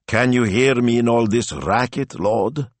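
A man's voice: medium pitch, unhurried, no room sound, pitched above the performer's own voice, close to an everyday voice. A man voicing a fussy, pious middle-aged male official in an audiobook, earnest and slightly pompous. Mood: exasperated.

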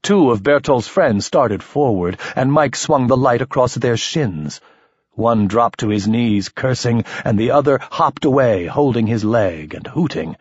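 A man narrating a first-person story in an expressive, lively manner. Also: medium pitch, a little slow, slightly rough, no echo, dull audio. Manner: expressive, shifting voices for characters. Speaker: audiobook narrator.

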